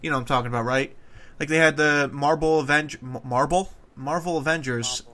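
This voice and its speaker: Male podcast host, bright and a touch high, joking and halting. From Wales. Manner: jokey, puts on accents, hesitant fillers. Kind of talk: casual podcast chat.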